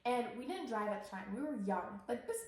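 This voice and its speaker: A woman's voice: on the high side, a little fast. A young woman from Canada, co-hosting a podcast and telling a story in a casual, rambling way with lots of fillers. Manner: rambling, many fillers, animated retelling. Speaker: podcast co-host. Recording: very echoey room.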